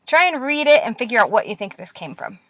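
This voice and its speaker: A woman teaching Russian letters in a classroom-style lesson, patient and encouraging, repeating words slowly. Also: a little high, sing-song, fairly bright tone, no echo.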